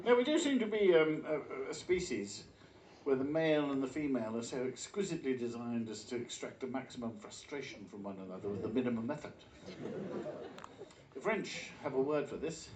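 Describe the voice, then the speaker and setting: A man's voice: mid-range voice, expressive, brisk, a little mellow, slight background noise. A man doing live stage comedy patter between songs, with a dry, wry delivery. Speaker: comic musician. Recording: roomy live stage sound from far off.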